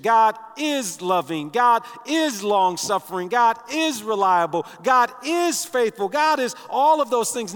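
A man's voice: high-pitched, fairly bright tone. A man preaching a sermon as pastor, earnest and building to emphatic declarations, speaking in a large church sanctuary. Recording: reverberant church hall.

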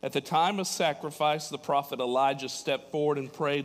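A man's voice: a little high, fairly even intonation, moderate pace, hardly any pauses. Preacher man in a reverberant hall. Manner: dramatic storytelling, rising to emphatic peaks. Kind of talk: sermon.

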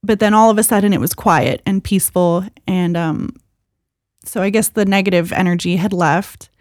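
Woman podcast co-host, casual rambling storyteller, mid pitch, dry close sound. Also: moderate pace, a little mellow, no echo. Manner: rambling, filler-heavy storytelling with laughs.

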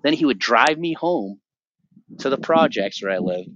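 A man's voice: medium pitch, animated, moderate pace, fairly bright tone, no echo. A man as a podcast guest, telling his personal faith testimony in an earnest, emotional way and repeating himself for emphasis, on a dull lo-fi recording. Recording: dull lo-fi dry sound.

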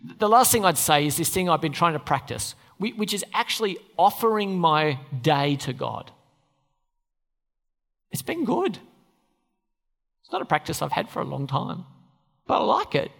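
Man preaching with lively pitch in reverberant hall. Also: moderate pace, creaky, pauses often. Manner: conversational, asks the audience questions. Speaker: pastor. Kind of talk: sermon.

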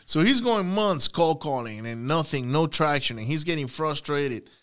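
A man co-hosting a casual podcast, an animated storyteller who breaks off for quick asides and shout-outs. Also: on the high side. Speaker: podcast co-host, real estate investor.

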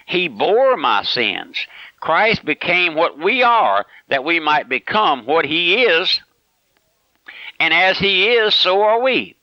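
Preacher, male, emphatic and insistent, lively pitch, dry close sound on a dull old broadcast recording. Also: no echo. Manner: emphatic, repeats phrases, addresses listener as my friend. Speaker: radio preacher. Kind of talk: radio sermon.

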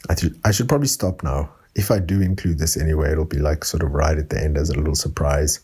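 A man from South Africa recording a rambling late-night voice note for his podcast, speaking softly after drinking wine. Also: a bass voice, lively intonation, quick pace, hardly any pauses, slightly rough. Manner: soft-spoken, rambling. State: tipsy from wine. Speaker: podcast host. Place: room at home.

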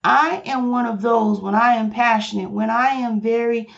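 A woman's voice: on the high side, moderate pace, vocal fry, highs cut off. A woman pastor preaching on her podcast, passionate and emphatic, repeating key lines for emphasis.

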